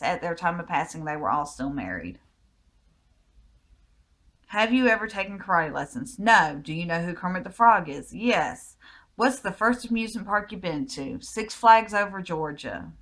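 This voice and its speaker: Laid-back Southern American woman, low voice. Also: fairly bright tone. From United States. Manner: easygoing, rambling answers with frequent ums. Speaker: vlogger. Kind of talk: casual Q&A vlog.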